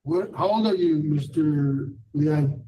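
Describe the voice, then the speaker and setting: Man, judge, courtroom hearing, firm warnings, high pitch, mellow tone. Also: slow, low-quality recording. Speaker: magistrate judge.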